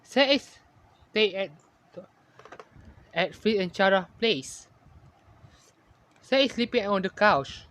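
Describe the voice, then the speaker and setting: A man narrating a fan-made story in halting, ungrammatical English, often correcting himself. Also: high voice, lively intonation, a bit bright.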